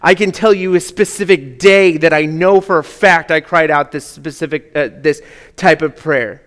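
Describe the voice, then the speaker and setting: A man preaching a sermon in an earnest manner, often dropping to a hush on key words. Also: on the high side, fairly even intonation, moderate pace. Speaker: pastor. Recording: long hall reverb.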